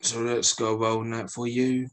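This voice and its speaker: A man's voice: mid-range voice, monotone, unhurried. A man playing a tabletop game, hesitant and thinking aloud as he speaks. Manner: hesitant, full of ums. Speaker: player. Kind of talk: casual chat at a tabletop game.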